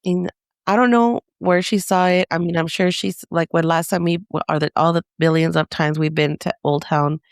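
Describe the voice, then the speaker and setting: Gravelly-voiced woman telling a story. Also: on the low side, steady tone, moderate pace, no room sound, clean studio sound. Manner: rambling, many fillers, acts out quotes. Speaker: podcast co-host. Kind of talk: casual storytelling.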